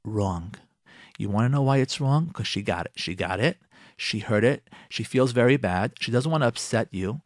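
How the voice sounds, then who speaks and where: A man, a rabbi on a radio talk show, giving marriage advice to husbands and acting out their imagined replies in quick asides. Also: medium pitch, animated, no room sound, studio quality. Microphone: close studio microphone.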